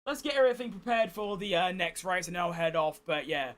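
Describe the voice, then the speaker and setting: Streamer, man, high-pitched, croaky and worn out, chatty, swearing, exasperated. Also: expressive, fairly quick, a bit bright. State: hoarse, tired. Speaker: gaming streamer. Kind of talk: casual gameplay commentary.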